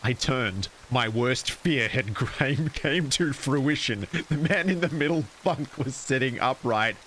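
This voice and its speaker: A man's voice: mid-range voice, lively intonation, unhurried, fairly bright tone, a little hiss or hum, low-quality recording. A man streaming, casually reading a horror story aloud and cracking jokes to chat. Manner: casual, wisecracking asides to chat.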